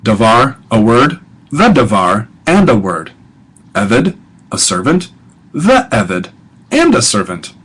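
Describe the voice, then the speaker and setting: A middle-aged man, a professor, gives an informal recorded audio lecture, talking casually with frequent fillers and restarts and slowing down to pronounce example words. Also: medium pitch, wildly swooping pitch, fairly bright tone, slightly rough, poor audio. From United States.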